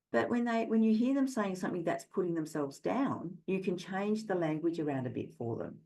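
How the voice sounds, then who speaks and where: Low-voiced woman giving a parenting talk. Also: a little mellow, low-quality recording. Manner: earnest, conversational, many restarts. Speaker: parenting educator. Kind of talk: presentation talk.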